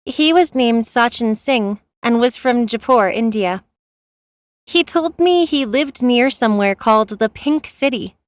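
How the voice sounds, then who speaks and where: A woman narrating a first-person romance story in a steady, plain reading. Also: on the high side, measured pace, no echo.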